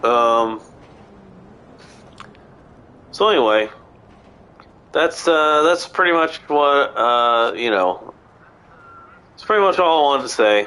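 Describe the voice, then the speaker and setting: A man streaming a video game while sick, with a nasal voice, talking casually and rambling, with many halting restarts. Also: mid-range voice, animated, pushed and bright, clean tone. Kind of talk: casual gameplay stream chat. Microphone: headset mic through console.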